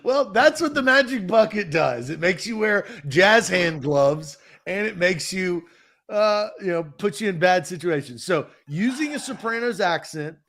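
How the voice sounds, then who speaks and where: Playful high-voiced man hosting. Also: lively intonation, a little slow, fairly bright tone. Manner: playful, teasing, laughs often. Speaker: podcast host. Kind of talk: casual chat.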